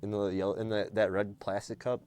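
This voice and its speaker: A man's voice: on the low side, flat delivery, a little fast, a little mellow, clean tone, no room sound. An American man hosting a casual chat, joking and bantering with friends. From United States.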